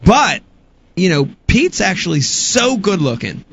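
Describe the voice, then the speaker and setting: Lively high-voiced joking male host. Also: a little slow, breathy edge, lo-fi sound. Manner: joking, laughs often, self-mocking. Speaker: fishing show host. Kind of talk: casual live show chat with sponsor reads.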